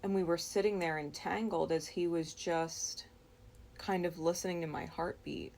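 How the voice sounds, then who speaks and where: Low, gravelly woman for a dream-story read: unhurried, reflective, halting. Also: steady tone, a little mellow. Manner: slow, reflective, with frequent pauses and restarts. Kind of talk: recounting a dream.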